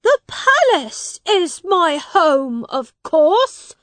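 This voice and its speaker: A woman voicing a young boy prince in a storybook reading, speaking high, loud and imperious. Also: big pitch swings, takes it slowly, no room sound, full character voice.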